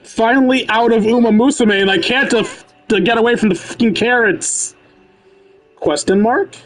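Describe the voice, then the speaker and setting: Deadpan, sarcastic game streamer. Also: mid-range voice, normal speed. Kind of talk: casual live-stream commentary over a game.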